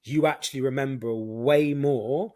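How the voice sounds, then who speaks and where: A man's voice: mid-range voice, measured pace, warm tone. A man with a British accent, hosting a podcast in casual chat, explaining things eagerly and laughing often. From United Kingdom. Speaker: podcast host.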